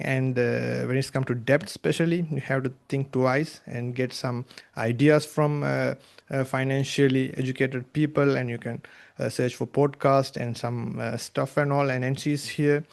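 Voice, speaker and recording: A man hosting a business podcast, speaking haltingly with many filler pauses before asking his guest questions. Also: medium pitch, gravelly. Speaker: podcast host. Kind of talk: interview hosting.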